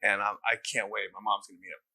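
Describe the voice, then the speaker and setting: A man in his fifties from New Jersey, a comedian guest telling stories in a casual interview, animated and profane. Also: fairly low pitch, very fast, poor audio. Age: 50s. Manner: animated, profane, lots of laughter.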